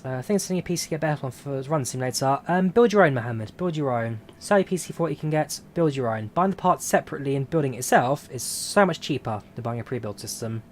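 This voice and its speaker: A man streaming a flight simulator, chatting casually and answering viewer questions in a relaxed, rambling way. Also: medium pitch, fast, hardly any pauses, a little hiss or hum. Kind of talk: casual live-stream chat.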